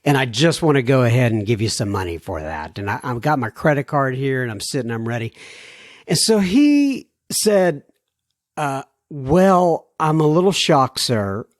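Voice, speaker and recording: A man hosting a podcast, telling a story from his week and reading listener mail in a casual, animated way, chuckling as he goes. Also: medium pitch, moderate pace, no room sound, clean studio sound. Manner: animated, chuckling, mock-pleading. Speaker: podcast host.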